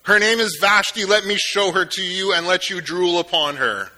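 Preacher doing a bragging ancient king, kinda high voice, very bright, smug swagger. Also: moderate pace. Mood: boasting. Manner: swaggering, self-satisfied. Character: boastful arrogant male ancient king.

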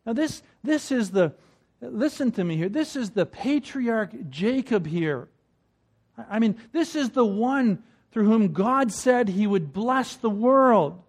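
High-voiced man preaching a chatty sermon. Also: a little mellow. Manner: conversational, repeats words when starting phrases, chuckles between points.

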